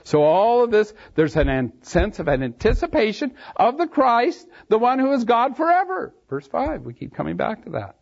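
A man's voice: sits high, wildly swooping pitch, normal speed, creaky, few pauses. A man preaching, reading scripture aloud and explaining it verse by verse, leaning hard on key phrases. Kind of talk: expository Bible teaching. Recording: dull lo-fi sermon recording.

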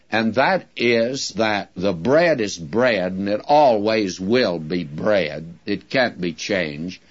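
A man teaching from the Bible in a sermon, deliberately drawing out key words and speaking directly to his listeners. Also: fairly low pitch. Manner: addresses listeners directly, folksy asides. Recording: dull lo-fi recording.

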